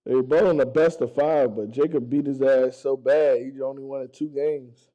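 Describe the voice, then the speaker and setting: A man's voice: mid-range voice, fairly even intonation, normal speed, dark tone, dull audio. A man chatting casually to viewers, telling stories loosely with profanity and stumbling restarts, recorded on an action camera strapped to his chest. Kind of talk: casual chat.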